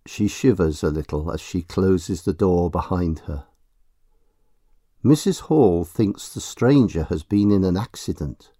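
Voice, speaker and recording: Slow, expressive male storybook narrator. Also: low voice, breathy edge, dry recording, clean studio sound.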